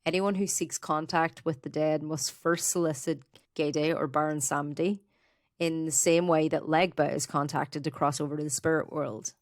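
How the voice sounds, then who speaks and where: Woman podcast co-host, low voice, dry close sound, relaxed storyteller. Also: moderate pace, dry recording. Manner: relaxed storyteller, reading researched notes with fillers. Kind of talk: casual podcast chat.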